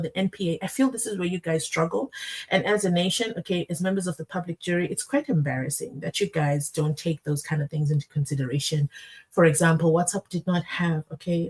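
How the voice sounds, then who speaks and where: A woman hosting a casual livestream, chatting to her viewers and reacting to a docuseries with lively asides. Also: lowish voice. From South Africa. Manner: chatty and animated, addresses the chat directly, sidetracks.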